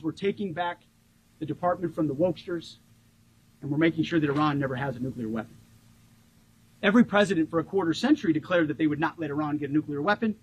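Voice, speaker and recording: A man in his forties giving a rousing ceremonial tribute speech as a government official, stressing key words by slowing down. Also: a little high, slightly rough, lo-fi sound.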